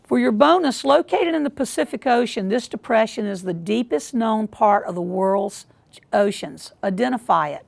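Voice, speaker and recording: Gravelly-voiced woman hosting a quiz. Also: a little high, animated. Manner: measured, repeats questions deliberately. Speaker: quiz show host. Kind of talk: reading quiz questions.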